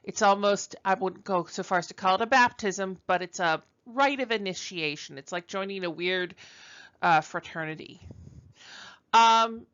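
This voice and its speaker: A woman's voice: medium pitch, normal speed, a bit bright, smooth, lo-fi sound. A woman from Brooklyn giving a conversational recorded university lecture, chatty and self-deprecating, with frequent ums and uhs. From Brooklyn, New York.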